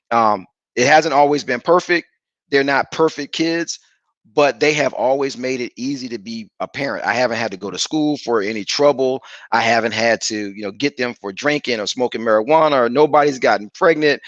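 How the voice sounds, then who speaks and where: A man in his forties, a guest father speaking earnestly and reflectively over a video call, pausing with fillers. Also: mid-range voice, fairly bright tone, no echo. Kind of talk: casual interview talk. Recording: dry, dull lo-fi call audio.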